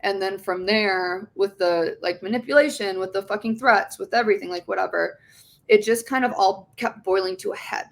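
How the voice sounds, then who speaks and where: Gravelly young woman telling her story. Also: medium pitch, normal speed. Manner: emotional, rambling, swears often, many restarts. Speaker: interview guest. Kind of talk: candid personal testimony.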